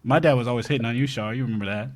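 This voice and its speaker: An actor playing a rambling doomsday-prep show host who stumbles and restarts mid-sentence. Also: male voice, mid-range voice, very fast, close to an everyday voice. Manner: rambling, stumbling over his words. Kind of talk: improvised comedy live stream. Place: home bunker.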